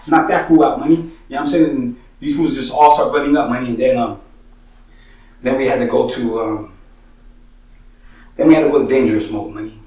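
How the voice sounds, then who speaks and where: A man's voice: mid-range voice, steady tone, fast, darkish tone. A man from San Jose, telling his own street stories in profane slang and filling his talk with "you know what I'm saying" and "money.". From San Jose, Northern California. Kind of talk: casual street storytelling. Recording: roomy, distant mic.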